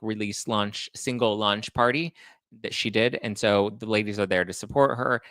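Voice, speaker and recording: A man hosting a casual chat show, reading viewer comments aloud and retelling stories with animated energy. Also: fairly low pitch, smooth, no room sound. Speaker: host.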